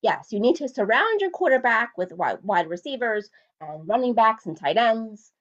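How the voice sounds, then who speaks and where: A woman's voice: a little high, very animated, normal speed, lo-fi sound. A woman hosting a solo podcast, giving blunt, opinionated sports commentary and hammering her points home with repetition. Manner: blunt, emphatic, repeats points for stress. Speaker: podcast host.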